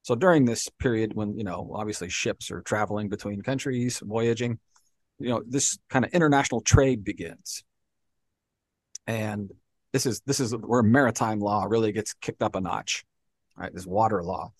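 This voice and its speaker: A man's voice: fairly low pitch, normal speed, no room sound. Man explaining history in a casual podcast. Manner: explains at length with many "you know" and "right?" asides. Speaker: podcast co-host.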